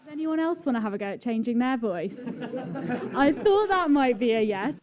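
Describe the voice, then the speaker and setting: A woman co-presenting a live science show, asking lively, teasing questions of guests and children. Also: fairly high pitch, normal speed, highs cut off, crowd noise. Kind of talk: live audience hosting.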